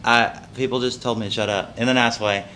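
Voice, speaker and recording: A man's voice: medium pitch, fairly even intonation, a little fast, pushed and bright, slight background noise. Humble young man with a Texas drawl. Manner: earnest and humble, rambling with restarts. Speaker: country singer and guitarist. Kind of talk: casual interview.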